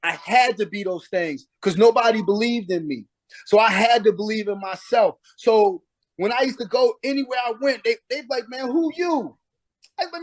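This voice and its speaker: A middle-aged man with a notably high voice tells stories from his playing days in a casual interview. He is emphatic and acts out what people said to him. The sound is dry and close. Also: moderate pace, no echo. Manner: emphatic, acts out past conversations. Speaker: guest, former pro basketball player.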